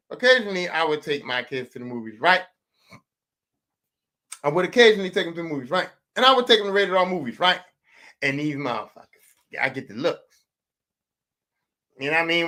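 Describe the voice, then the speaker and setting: A man's voice: on the high side, bright, forceful tone. A middle-aged man hosting a podcast, ranting casually and comically with heavy profanity and phrases repeated for emphasis. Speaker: podcast host. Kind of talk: casual comedic rant.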